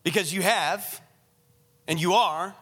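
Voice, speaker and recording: A man's voice: high voice, slow pace, fairly bright tone, husky. A man preaching as pastor, earnest and emphatic, repeating phrases for emphasis. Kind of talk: sermon. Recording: echoey hall with long reverb.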